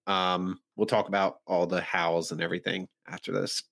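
A man's voice: deep voice, flat delivery, moderate pace, creaky, fairly bright tone. Man rambling through a plot recap. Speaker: podcast co-host. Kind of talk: casual movie review chat.

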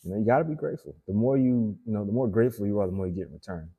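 A man in his thirties from Haiti, an actor chatting casually in an interview, animated and full of filler words. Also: lowish voice, rapid-fire, slightly rough, narrow, tinny audio. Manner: animated, fillers like "like" and "you know". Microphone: phone live stream.

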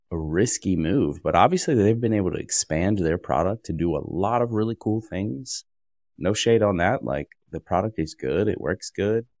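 A man co-hosting a podcast, trading wry jokes and quick asides in casual chat. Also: deep voice, a little mellow, no room sound, clean studio sound. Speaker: podcast co-host.

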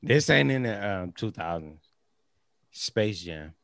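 A man's voice: fairly low pitch, slow pace, vocal fry, no echo. A man in casual podcast chat, telling profane stories animatedly and acting out what people said. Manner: animated, profane storytelling, acts out quotes. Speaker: podcast co-host.

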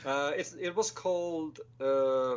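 A man's voice: fairly high pitch, slow pace, clean tone, muffled recording. A man in his twenties with a Swedish accent, a guest filmmaker chatting casually and self-deprecatingly, hesitant, with lots of fillers. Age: 20s. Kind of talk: casual chat.

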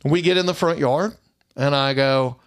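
A man's voice: a little high, normal speed, clear, resonant tone. A middle-aged man, a private investigator telling an indignant story in a casual monologue and acting out the other people's lines.

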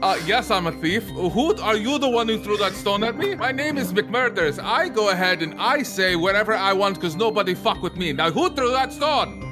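A man's voice: sits high, expressive, moderate pace, music in the background, pitched above the performer's own voice. A man voicing a boastful, brash thief in a tabletop game, talking in a cocky, swaggering way.

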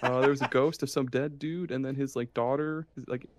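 A man co-hosting a casual podcast, excited and swearing freely. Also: medium pitch, brisk, a crowd in the background. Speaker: podcast co-host. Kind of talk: casual chat.

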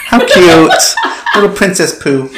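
A man's voice: sits high, expressive, measured pace, a bit bright, echoey room, slight background noise. A man co-hosting a podcast in casual chat, brash and joking, swearing freely. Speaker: podcast co-host.

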